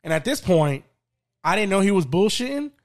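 A man's voice: sits high, very animated, a little fast. A man telling a profane story in casual chat on a podcast.

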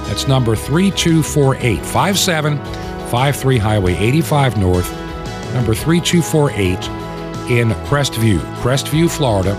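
A man's voice: mid-range voice, lively intonation, measured pace, over music. A man hosting a Christian radio program, asking listeners for help and carefully repeating an address and email. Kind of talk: on-air appeal for listener support.

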